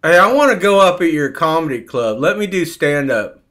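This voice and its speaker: A man's voice: on the high side, expressive, normal speed, fairly bright tone. A man doing a needling TV psychologist. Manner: prodding, mocking, repeats the other man's name. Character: needling older male TV psychologist, bossy. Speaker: co-host doing an impression.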